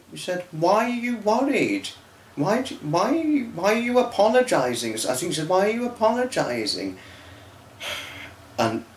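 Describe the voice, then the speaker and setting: A tearful young man recording a personal vlog, earnest and rambling, with many restarts. His voice sits at an ordinary middle pitch. It echoes around a roomy space, and a faint hum of ambience runs underneath. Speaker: fan vlogger.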